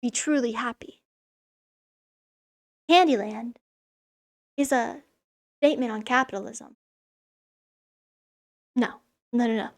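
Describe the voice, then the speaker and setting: A young woman's slightly high voice moves slowly, with long pauses, in a room at a school. The vlogger sarcastically recaps a children's story in a casual manner, cursing freely as she goes.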